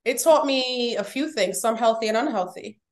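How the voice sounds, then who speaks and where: A woman's voice: on the high side, normal speed. A woman guest speaking candidly and emphatically about family and marriage, at times emotional. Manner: heartfelt, emphatic, gets emotional. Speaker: podcast guest. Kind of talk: candid personal storytelling.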